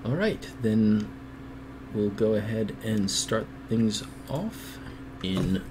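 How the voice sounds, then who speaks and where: A man's voice: on the low side, expressive, slow pace, background noise. A man hosting a livestreamed podcast, chatting casually and rambling, with lots of fillers and restarts. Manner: rambling, self-deprecating, many fillers and restarts. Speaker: podcast host.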